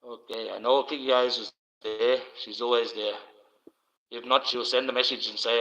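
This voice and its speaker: A man hosting a livestream alone, rambling and swearing in loose casual banter into a low-placed mic. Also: fairly even intonation, moderate pace, sharp tone. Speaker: livestream host. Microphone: low-placed desk mic. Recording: dull lo-fi stream audio.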